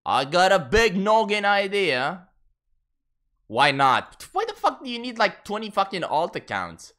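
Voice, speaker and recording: A man's voice: high voice, very animated, unhurried, fairly bright tone. A man streaming a game, chatting casually and ranting with frequent swearing. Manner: profane, exasperated ranting with laughter. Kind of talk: casual gaming stream chat.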